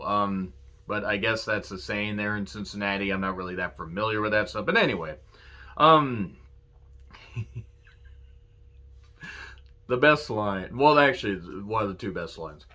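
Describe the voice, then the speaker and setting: A man giving a casual solo review of a wrestling show, cursing freely, laughing and quoting promo lines with excitement. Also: on the low side, a little slow, pauses often. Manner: profane, enthusiastic, laughs and quotes lines.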